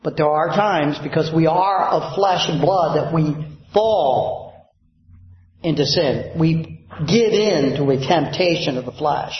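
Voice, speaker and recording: A man's voice: on the high side, slow. A man preaching a sermon as pastor, who puts fill-in questions to his congregation. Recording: very echoey, dull lo-fi sound.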